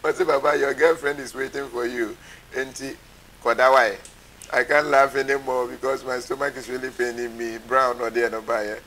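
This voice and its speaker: Man, live show host, reading comments, casual, halting, bright tone. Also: mid-range voice, little pitch movement, slight background noise, rough recording. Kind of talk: reading viewer comments aloud.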